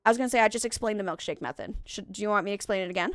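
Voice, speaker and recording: A woman's voice: medium pitch, very fast, no room sound, studio quality. A young woman live-streaming a game, chatting with viewers in a rambling way and correcting herself often, with a stuffy nose. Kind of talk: casual live-stream chat.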